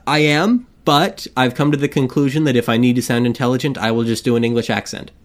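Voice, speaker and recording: A man's voice: medium pitch, steady tone, fast talker. Jokey man co-hosting a podcast. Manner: jokey, self-deprecating, rambling with fillers. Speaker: podcast co-host. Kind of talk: casual podcast banter.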